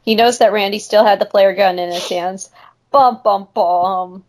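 A woman's voice: medium pitch, fairly even intonation, a little fast, a little mellow. A woman co-hosting a comedy podcast, reading a story aloud with amusement. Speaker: podcast co-host, reader.

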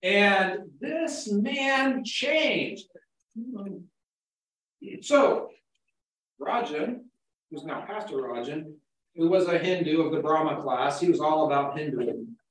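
A man's voice: fairly high pitch, takes it slowly, long pauses, a bit bright, very echoey, recorded from a distance, low-quality recording. A man giving a conversational sermon as pastor, talking casually and often repeating words as he goes.

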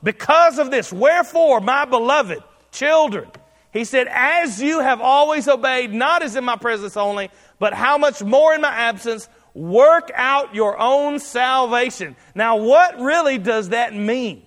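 High-voiced preacher in a reverberant hall. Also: male voice, lively intonation, unhurried. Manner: emphatic, rising to shouts on key lines. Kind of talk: sermon.

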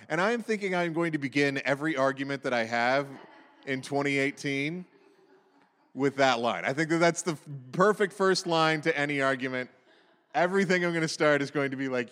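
Conversational preacher in a reverberant hall. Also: male voice, fairly high pitch, moderate pace. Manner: conversational, animated storytelling with asides. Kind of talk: sermon.

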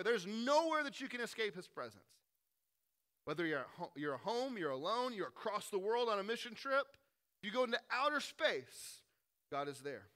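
A male pastor with a high, bright voice gives a casual sermon. It alternates between quick, loud asides and slow, quiet stretches.

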